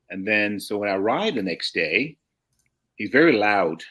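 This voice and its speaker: Older man telling stories, low voice. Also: very animated, normal speed, sharp tone. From St. Louis, USA. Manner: rambling anecdotes with frequent restarts, chuckles. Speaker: guest. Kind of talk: casual storytelling.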